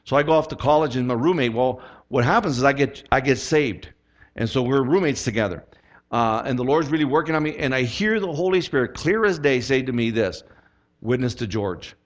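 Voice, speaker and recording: A man preaching a sermon as pastor, telling a personal story with lively acted-out quotes. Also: mid-range voice, a little fast, muffled recording.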